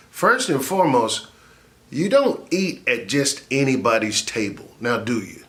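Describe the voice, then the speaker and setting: A man, a comedian and laugh therapist, giving an animated, jokey motivational talk that rises into shouts for effect. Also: mid-range voice, a little slow.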